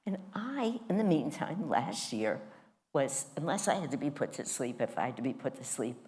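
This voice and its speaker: A woman's voice: sits low, sing-song, normal speed, a little mellow. A woman teaching a spiritual class, telling a personal story in a candid, self-mocking way.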